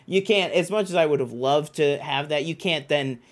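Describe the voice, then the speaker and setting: A man in casual podcast chat with a slightly raised pitch. He rambles eagerly, restarting his sentences and leaning on fillers as he works through his point. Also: moderate pace. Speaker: podcast co-host.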